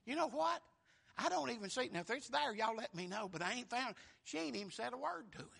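A man, preaching a fervent sermon that keeps bursting into shouts. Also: very high voice, animated, quick pace, gravelly, slightly rough.

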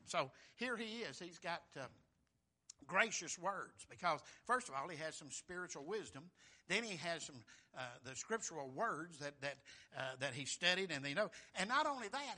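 A man preaching a fervent, folksy sermon. He surges in force on key phrases and calls out "Amen?" to the congregation. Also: pushed and bright. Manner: fervent, surging in pitch and volume on key phrases.

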